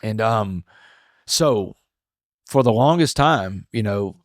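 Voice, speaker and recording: A man speaks as a podcast guest, earnest and reflective as he tells his story, often stopping to restart a phrase. His voice sits low. The sound is dry and close, with no room echo. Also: lively intonation, slow pace. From Texas. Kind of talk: emotional storytelling interview.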